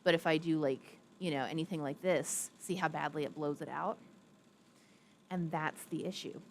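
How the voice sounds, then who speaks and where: A young adult woman chatting casually on a live stream, rambling and reading viewer comments aloud. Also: slight background noise. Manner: coos in a high baby voice to a pet. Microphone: streaming setup with a ring light.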